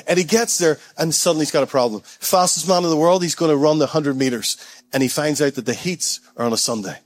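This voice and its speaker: A male pastor delivering a sermon with a fairly high voice. He talks to the church like he's chatting with them, then climbs higher as the story gets exciting. He calls out to the room for an answer as he goes. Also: fast. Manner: storytelling, builds up with rising excitement; conversational, calls out to the congregation.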